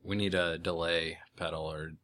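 A man co-hosting a podcast from a studio as its producer, teasing in a dry, deadpan way. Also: low voice, normal speed. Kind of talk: casual studio chat.

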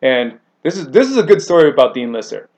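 Animated man telling coaching stories. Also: fast, dull audio. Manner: animated storyteller, acts out quotes with big pitch jumps. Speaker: grappling coach. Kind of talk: casual podcast chat.

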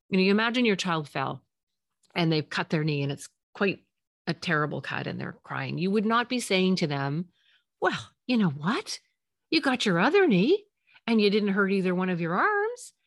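A woman hosting a parenting podcast, talking gently and reassuringly in a solo advice episode. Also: lowish voice, no room sound, studio quality. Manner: gentle, reassuring, acts out parent and child lines.

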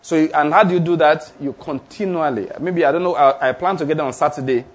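Man, sermon, fairly high voice, husky, emphatic. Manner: emphatic, slows on key phrases, repeats declarations. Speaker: pastor. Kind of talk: sermon teaching.

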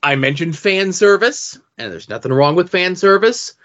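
A man's voice: sits high, lively intonation, moderate pace, a bit bright, dull audio. A man co-hosting a podcast, giving his opinion on comics in a casual conversational way. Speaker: podcast co-host.

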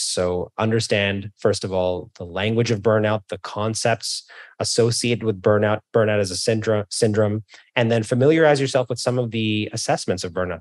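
A man speaks as a podcast guest, his voice on the low side. His delivery is energetic and explanatory, like a keynote speaker. He breaks off now and then to rephrase. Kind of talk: interview conversation.

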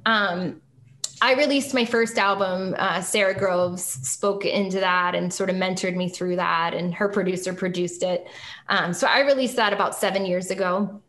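On a podcast, a middle-aged singer-songwriter shares her personal testimony in an earnest, reflective tone, slowing down on key phrases. Her voice is fairly low in pitch and a bit bright.

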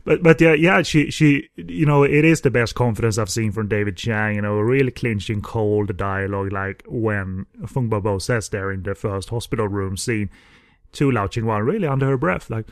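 A man's voice: lowish voice, normal speed, no echo, clean studio sound. A man co-hosting a film podcast, talking casually with many fillers and restarts. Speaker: podcast co-host. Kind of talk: casual film review chat.

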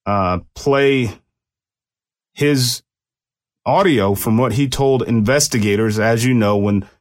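A man's voice: medium pitch, slow pace. A man who speaks as a police officer, explaining a police shooting case to viewers in a loose, conversational way with restarts. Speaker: commentator and former police officer. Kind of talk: casual commentary on a case.

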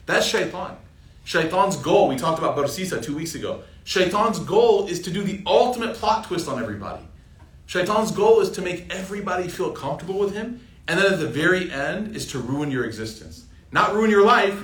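A young man teaching an informal Quran reflection class, lively and joking, often asking the audience questions. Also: a little high, fairly quick. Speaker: Islamic teacher. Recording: roomy sound from a distant mic with faint ambient noise.

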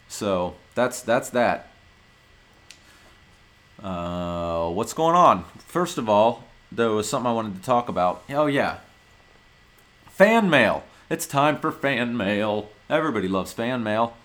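A man's voice: mid-range voice, a bit bright. A male podcast host from Ohio, ranting in a brash, profane, mock-indignant way in a casual comedic monologue.

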